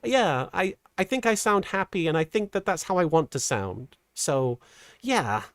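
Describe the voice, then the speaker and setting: A middle-aged woman streamer chatting casually while reading super chats, earnest and halting, with a softened feminine voice. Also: on the low side, expressive, dry recording, clean studio sound. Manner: earnest, halting with many restarts; voice softened toward a feminine sound. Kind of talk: casual livestream chat.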